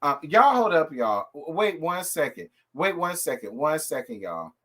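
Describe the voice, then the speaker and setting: A man hosting a casual live review from home, talking in a sassy, animated, gossipy way and calling his viewers y'all and girl. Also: fairly high pitch, normal speed. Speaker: host of a reality TV live review show.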